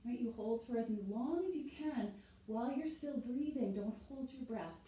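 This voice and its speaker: A woman's voice: on the high side, moderate pace, mellow, echoey room, poor audio. A woman leading a yoga class, talking while she demonstrates the poses and often checking in with "right?". She sounds slightly out of breath from moving. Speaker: yoga instructor. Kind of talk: guided yoga class instruction.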